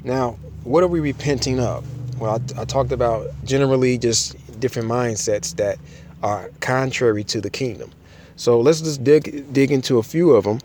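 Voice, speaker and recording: In an informal Bible teaching, a man speaks at a moderate pace in a medium, somewhat mellow voice, restarting frequently and reading verses from the King James Version. There is slight background noise.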